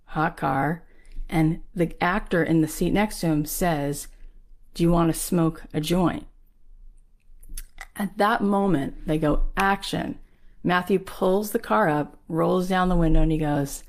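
A woman giving a motivational talk, telling a story with lively acted-out quotes. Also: fairly low pitch. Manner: animated, acts out quoted lines. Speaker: speaker on manifesting.

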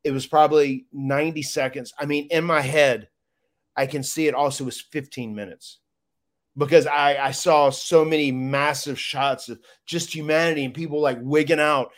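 A former wrestler, appearing as a guest in a casual interview, recalls a big moment with emotion, rambling and restarting often. His voice is a little high, with fairly even intonation and a moderate pace.

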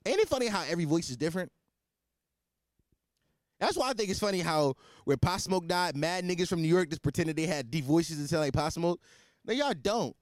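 Here a man in his twenties with a fairly high voice delivers a casual solo podcast monologue, recorded at studio quality with no room sound. He keeps restarting and repeating himself as he rambles, joking crudely, cursing freely, and talking in a blunt, slangy style.

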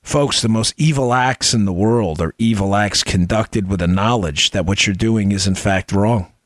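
A man's voice: on the low side, moderate pace, no echo, clean studio sound. Impassioned middle-aged male podcast host. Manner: impassioned, emphatic, fires rhetorical questions. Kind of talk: political commentary monologue.

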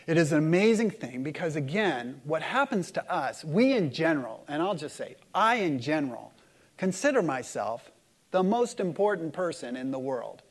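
High-voiced man preaching with dramatic swings. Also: sing-song. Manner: dramatic, swings from loud emphasis to hushed, slow lines; leads the congregation in call-and-response. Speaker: pastor. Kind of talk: sermon.

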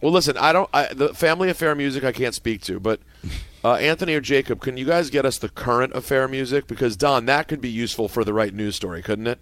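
A man's voice: medium pitch, fast talker, no echo. Joking male sports radio host. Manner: animated, jokey, leads segments. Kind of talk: sports talk radio banter. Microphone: studio microphone.

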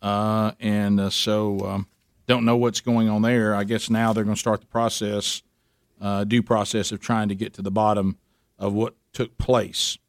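A man co-hosting a talk radio show, reading news and chatting casually with a rambling, animated delivery. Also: lowish voice, measured pace, no room sound, studio quality. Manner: rambling, animated when joking.

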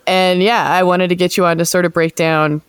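A woman's voice: fairly low pitch, level tone, fairly quick, smooth, no echo. A woman hosting a sports podcast, chatting casually with many fillers and laughs. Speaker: podcast host, sports reporter.

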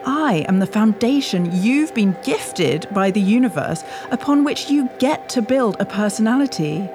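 A woman's voice: medium pitch, lively intonation, moderate pace, lightly acted. A British woman playing a scolding inner lizard brain. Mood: lecturing. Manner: condescending, lecturing, sharp. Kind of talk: audio drama acting. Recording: voice over music bed.

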